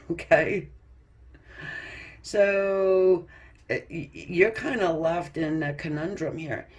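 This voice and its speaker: A woman reads tarot cards in a relaxed, chatty way. She laughs often, trips over her own words and swears freely. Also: fairly low pitch, slow. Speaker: tarot reader. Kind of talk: casual tarot card reading.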